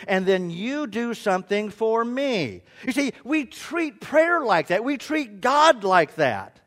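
A middle-aged man preaching a sermon as a pastor, telling humorous stories with animated delivery and stammered restarts like "and, and, and". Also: high voice, slow.

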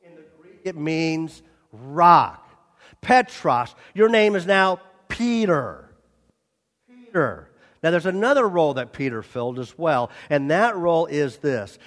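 High-pitched male preacher, animated sermon, long hall reverb. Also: slow pace. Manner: animated, acts out scenes, repeats for emphasis. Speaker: pastor.

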